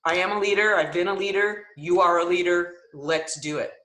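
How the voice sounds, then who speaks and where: A woman's voice: lowish voice, fairly quick, fairly bright tone, roomy sound, rough recording. A woman coach sharing her takeaways on a group call, emotional and enthusiastic.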